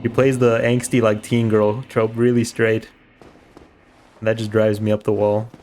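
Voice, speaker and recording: A man's voice: fairly low pitch, flat delivery, normal speed, a little mellow. A man streaming a game, giving rambling, chatty commentary and swearing casually.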